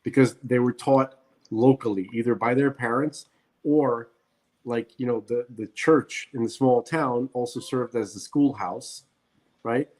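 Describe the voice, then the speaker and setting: Male podcast co-host, middle-pitched, blunt and ranting, repeats himself for emphasis in casual chat. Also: steady tone, unhurried, darkish tone.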